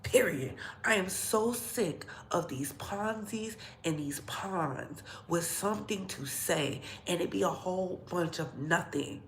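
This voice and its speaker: A woman's voice: lowish voice, fairly bright tone, slight background noise. A woman vlogger ranting bluntly and profanely in heated commentary, in an echoey room.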